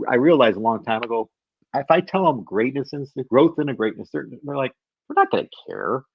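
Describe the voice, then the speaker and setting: A man's voice: fairly low pitch, vocal fry, dry recording, dull audio. A man, a podcast guest, telling stories in a chatty way and laughing along. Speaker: podcast guest, company head. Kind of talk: casual storytelling.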